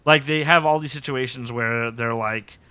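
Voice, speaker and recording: This podcast host has a clear, resonant, mid-range voice at normal speed, recorded with no room sound. Recapping a TV episode casually, he gets animated and performs the characters' dialogue in put-on voices.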